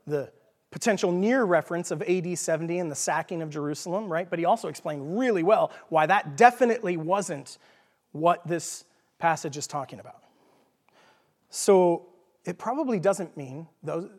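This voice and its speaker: A man with a Texan accent preaching a casual, jokey teaching sermon, often checking in with his listeners by asking "okay?". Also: on the high side. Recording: long reverb of a large hall.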